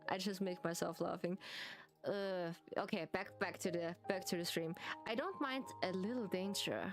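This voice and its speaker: A woman streamer with a German accent, a native German speaker chatting casually in English, giggly and halting, often repeating words. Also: fairly low pitch, soft background music. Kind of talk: casual live-stream chat.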